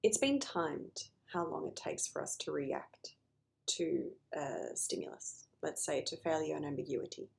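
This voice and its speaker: A woman's voice: sits low, very animated, a little slow, creaky. A woman therapist talking earnestly to camera about noticing emotions, sometimes acting out conversations with clients.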